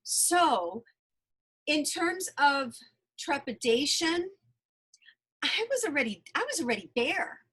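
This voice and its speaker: In a low-quality recording, a woman with a high, slightly bright voice speaks slowly, pausing often, her pitch swinging widely. She's an energy healer being interviewed, earnestly and emphatically recounting her personal story and frequently repeating phrases.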